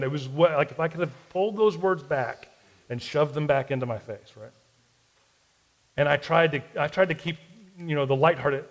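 A man's voice: a little high, brisk, low-quality recording. A man in his forties telling a self-deprecating personal story in a sermon-style podcast, with a Southern US accent. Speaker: pastor.

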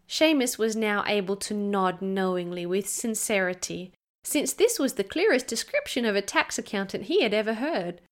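A woman narrating a storybook in a slow, measured reading. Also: mid-range voice, animated.

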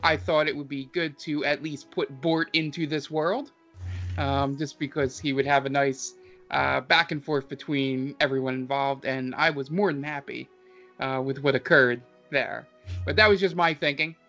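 A man's voice: mid-range voice, fairly even intonation, moderate pace, pushed and bright, soft background music. A man hosting a casual podcast, running a tabletop game, rambling with many fillers. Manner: rambling, filler-heavy, enthusiastic. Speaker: podcast host and game master.

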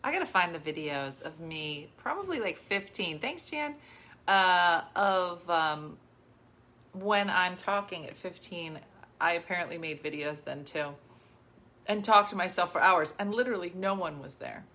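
A middle-aged woman hosting a live stream, talking fast and loose with a bright, clear edge to her voice. Her pitch swings widely as she tells stories and breaks off to thank viewers. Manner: animated and chatty, thanking viewers mid-sentence. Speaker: livestream host. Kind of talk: casual chat.

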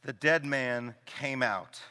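A man preaching a sermon as pastor, animated and joking, acting out the people he quotes. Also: mid-range voice, slow pace. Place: church sanctuary. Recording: long hall reverb.

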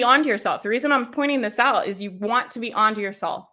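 A woman's voice: a little high, quick pace, bright, forceful tone. A woman coaching a casual live workshop, chatty, laughing often and checking in with "right?". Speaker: business coach leading a workshop.

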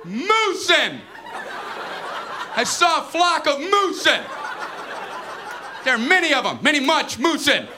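A man's voice: extremely high pitch, very animated, slow, long pauses, background noise, pitched above the performer's own voice, heavily acted. A man doing a goofy stand-up schoolboy bit.

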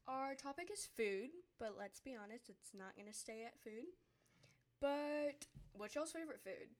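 A woman's voice: a little high, moderate pace. A teenage girl with a Southern US accent, leading a casual group chat and giggling often. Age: teen. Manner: giggly, chatty, Southern turns of phrase.

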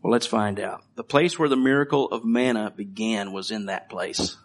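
A middle-aged pastor with a fairly low voice preaches a conversational sermon at normal speed. He reads scripture and jokes about his children, mixing in light laughs.

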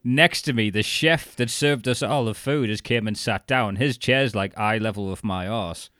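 A man's voice: on the low side, normal speed, a bit bright, no echo, clean studio sound. A man co-hosting a podcast, telling stories in a casual chat, swearing and acting out other people's voices. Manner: swearing storyteller, acts out voices. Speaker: podcast co-host.

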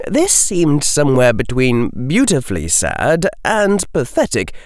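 A man narrating an audiobook in a measured, expressive storytelling manner on a studio microphone. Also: medium pitch, smooth, no echo.

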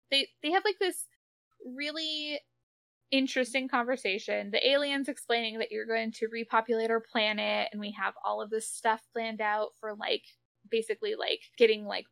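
A woman co-hosting a podcast, recapping an episode in casual chat, animated and swearing freely. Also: on the high side, creaky, clean tone, no echo. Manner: animated, swears casually, quick asides and laughs. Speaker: podcast co-host.

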